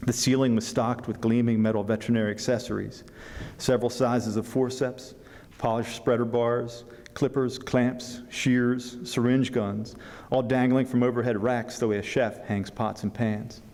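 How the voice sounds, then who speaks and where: A man, an author, reading a passage from his novel at a book fair symposium, with unhurried pacing and a few asides. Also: medium pitch, little pitch movement, a little mellow. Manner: unhurried reading with fillers and restarts between passages. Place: symposium hall. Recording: long hall reverb.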